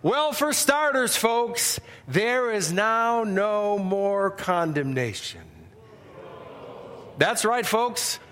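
A man voicing an excited male game-show announcer, with a showy, drawn-out delivery. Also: high voice, full character voice. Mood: hyped.

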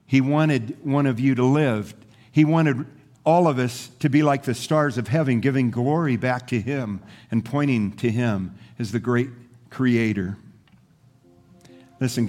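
A man's voice: medium pitch, a little mellow. A male pastor preaching a sermon, telling a story and then earnestly encouraging his listeners.

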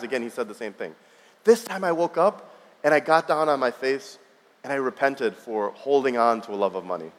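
A man in his thirties preaching a sermon, telling a personal story in a conversational way with frequent restarts. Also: fairly high pitch. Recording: long reverb of a large hall.

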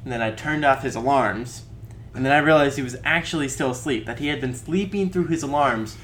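A man's voice: mid-range voice, a little fast, fairly bright tone, a little hiss or hum. A young man in casual chat, telling rambling stories with frequent laughs.

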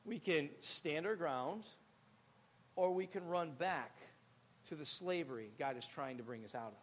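A young male pastor preaching a sermon in a church, animated and acting out scenes with sudden loud outbursts. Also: a little high, unhurried.

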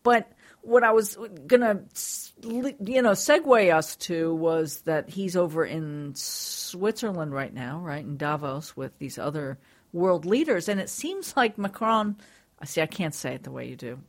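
A woman's voice: lowish voice, animated, measured pace. A woman co-hosting a talk show, chatting in a sarcastic, laughing way. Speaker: show co-host. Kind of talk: casual chat.

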